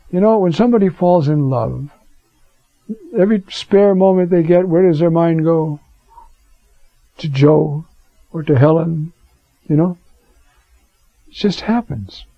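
A man's voice: fairly high pitch, warm tone, no echo, highs cut off. A man teaching a Bible class in a chatty way, asking rhetorical questions and dropping in fillers. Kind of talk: conversational scripture class.

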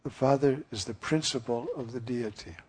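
A priest giving an earnest, musing sermon, often pausing with fillers. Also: male voice, mid-range voice, breathy edge.

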